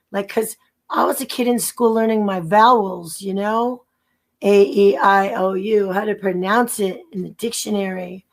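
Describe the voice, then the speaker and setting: A woman guest tells her own story in an interview. She rambles, restarts her sentences often, and acts out the voices of people she remembers. Her voice sits at a middle pitch. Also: fairly even intonation. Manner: rambling, halting, with many restarts and acted-out quotes. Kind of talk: personal testimony.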